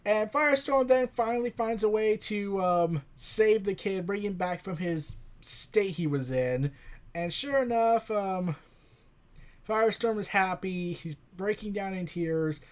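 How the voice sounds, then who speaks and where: Casual comic reviewer, male, higher voice, rambling and excitable. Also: measured pace. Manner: rambling, filler-heavy, excitable.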